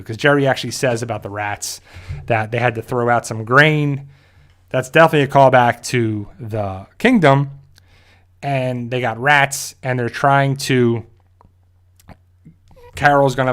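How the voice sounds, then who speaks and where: A show host rambles casually through a recap and review of a TV episode, full of fillers and restarts. His voice is medium-pitched and his pace measured.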